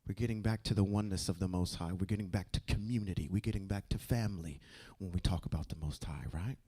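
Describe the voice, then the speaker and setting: Male Bible study leader, relaxed teaching voice, keeps asking the room "okay?". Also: sits low, fast talker, slightly rough. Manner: keeps checking in with "okay?" and "right?"; quizzes listeners with questions. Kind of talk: casual scripture teaching to a group.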